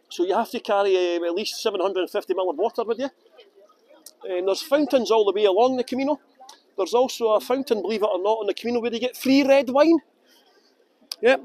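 Scottish guy livestreaming from his phone outside, high voice, rambly chat with lots of ums. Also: a little mellow, a little hiss or hum. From Scotland. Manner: rambling, chatty, answers viewer questions with fillers. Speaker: tour guide livestreaming. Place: outdoors in sunny town streets. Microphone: phone held by hand.

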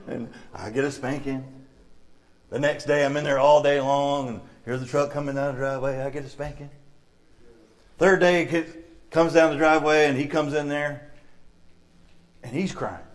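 A middle-aged man with a Southern US accent, a lay preacher, delivers a church sermon in the sanctuary, recounting childhood stories and acting out the people in them. His voice is medium-pitched with fairly even intonation, and he speaks at a moderate pace with frequent pauses.

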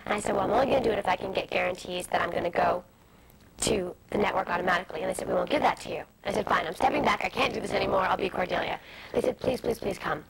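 A woman in her twenties telling stories as an interview guest, fast and animated, with many asides. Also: mid-range voice, gravelly, a crowd in the background. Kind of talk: candid storytelling interview. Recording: noisy early-2000s TV broadcast audio.

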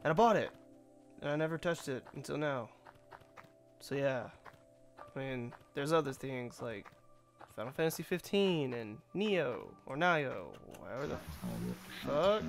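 A man's voice: medium pitch, expressive, measured pace, creaky, pauses often, soft background music. A man giving casual, profane, rambling commentary while playing a video game for the first time, laughing often. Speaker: let's play gamer.

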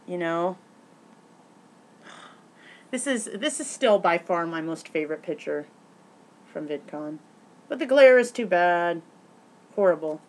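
A woman vlogging casually, rambling with many restarts and fillers, breaking into excitable bursts and swearing now and then. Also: on the low side, a little slow, pauses often.

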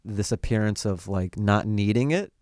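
A man's voice: lowish voice, moderate pace, a little mellow, no echo, clean studio sound. A man guesting on a podcast as a comedian, telling stories in a laid-back way and acting out quotes. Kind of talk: casual podcast chat.

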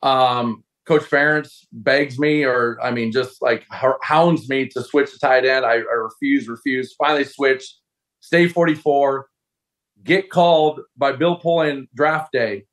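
A man's voice: mid-range voice, a little slow. A man in his forties, a former football player, telling a long story as a guest and acting out other people's lines. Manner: animated storyteller, acts out voices of coaches. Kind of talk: casual storytelling interview.

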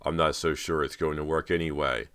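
A man voicing a busy film director who gives orders in a brisk, upbeat way. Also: very deep voice, fairly even intonation, a bit bright, clear, resonant tone.

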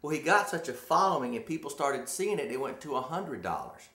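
A man hosts a casual talk show, telling rambling stories and teasing his co-host. His voice is a little high, very animated, a little fast and a bit bright, recorded in an echoey room.

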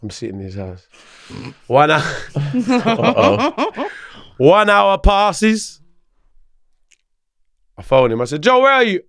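London guy, raspy gravel in the voice, pitched a touch high, slangy and animated, close dry podcast mic. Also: takes it slowly, long pauses, no echo. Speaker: podcast guest. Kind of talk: casual storytelling.

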